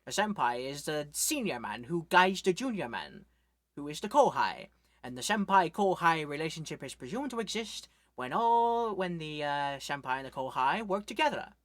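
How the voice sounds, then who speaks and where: A woman doing an impression of an older Scottish film actor, putting on a Scottish accent and lecturing gravely. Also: sits low, big pitch swings, moderate pace, dry recording. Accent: Scottish (put on).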